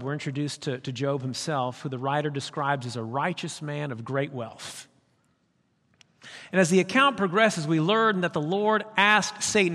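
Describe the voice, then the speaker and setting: Male pastor, emphatic conversational sermon, slightly high voice, recorded with long hall reverb. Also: a bit bright.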